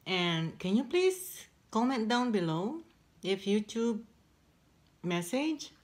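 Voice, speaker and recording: A woman chatting casually in a mukbang video, pausing to eat between halting words. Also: mid-range voice, big pitch swings. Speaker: eating-show vlogger.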